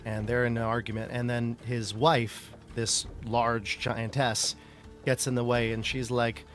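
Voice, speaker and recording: A man's voice: medium pitch, little pitch movement, unhurried, a bit bright, faint music behind. A man narrating as game master of a tabletop game, loose and rambling with many fillers. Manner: loose, rambling narration full of "like" and "you know".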